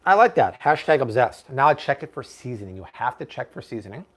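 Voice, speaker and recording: A man's voice: medium pitch, very animated, fast. A man hosting a live-stream cooking show from his home kitchen, chatting playfully and joking with his viewers. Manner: playful, jokey, puts on mock accents.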